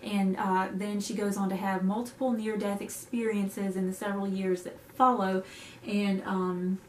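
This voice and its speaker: A woman's voice: medium pitch, level tone, normal speed. A young woman vlogger chatting casually to camera about books she loves, with self-mocking asides. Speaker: book vlogger. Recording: echoey room with faint hiss.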